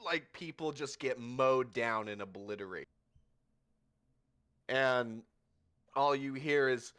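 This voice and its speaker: A man narrating a tabletop game as game master, describing a battle slowly and vividly. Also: mid-range voice, a bit bright, clear, resonant tone. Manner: slow, vivid scene narration.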